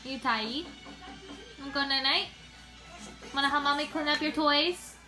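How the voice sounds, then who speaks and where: A woman's voice: high-pitched, unhurried, over music. A young woman vlogging at home, talking in a sing-song baby voice to her toddler and now and then to viewers. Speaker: vlogger and mother. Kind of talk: casual home vlog talk. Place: at home indoors. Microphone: phone camera.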